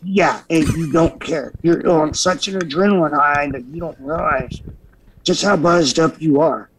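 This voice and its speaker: Animated man telling wild stories. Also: a little high, a little slow, a little hiss or hum, poor audio. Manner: animated, acts out his own past dialogue. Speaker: podcast guest, former stuntman. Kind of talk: casual storytelling.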